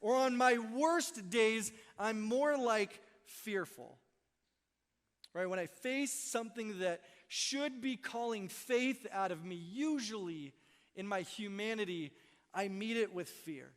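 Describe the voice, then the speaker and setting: High-voiced pastor in a reverberant hall. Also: male voice, takes it slowly, a bit bright. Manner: conversational, self-deprecating, keeps asking "right?". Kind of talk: Christmas Eve sermon. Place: church sanctuary.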